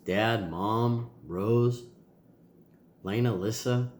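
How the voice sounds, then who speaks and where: A man's voice: on the low side, very slow, darkish tone, reverberant, a little hiss or hum. A man with a nasal voice, a tired and sore father talking casually to his kids in a rambling video diary. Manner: rambling, loose, with many ums and sighs.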